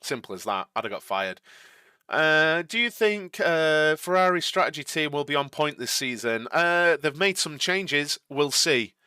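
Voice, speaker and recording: A man's voice: fairly high pitch, expressive, unhurried, sharp tone, clean tone, no room sound, studio quality. A young man hosting a live watch-along stream, chatting casually with viewers. He rambles and repeats himself, and he laughs easily.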